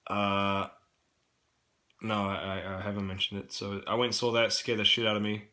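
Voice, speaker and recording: A man's voice: lowish voice, completely flat delivery, moderate pace, bright, forceful tone. A young man with a New Zealand accent, rambling casually and swearing often in a vlog, with a cough from a cold. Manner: rambling, swears a lot, many fillers. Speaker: camp worker vlogging.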